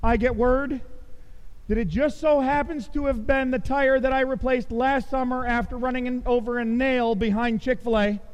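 A middle-aged man preaching a storytelling sermon in a church, animated and self-mocking, adding sound effects as he tells the tale. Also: very high voice, normal speed, clear, resonant tone, long reverb tail. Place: church sanctuary.

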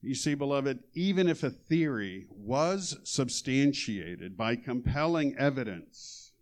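Male pastor, unhurried sermon delivery, mid-pitched voice, emphatic scripture reading. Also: lively intonation. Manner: slow, measured preaching with emphatic scripture reading.

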